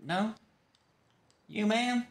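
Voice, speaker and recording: A man's voice: high voice, extremely slow, reverberant. Man putting on a flustered stammering doctor. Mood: panicky. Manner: put-on accent, stammering restarts. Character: flustered young male doctor, panicky and rambling. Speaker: streamer playing a doctor in a role-play game. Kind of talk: live game role-play.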